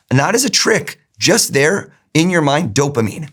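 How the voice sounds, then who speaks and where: Speaking a little high at a moderate pace, with hardly any pauses and a breathy edge, a middle-aged man guests on an interview show. He's a mentalist who spins lively stories and acts out others' quoted words.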